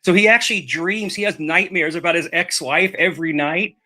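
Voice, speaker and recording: A man telling a long rambling story in casual chat, animated and swearing, repeating his words. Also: a little high, brisk.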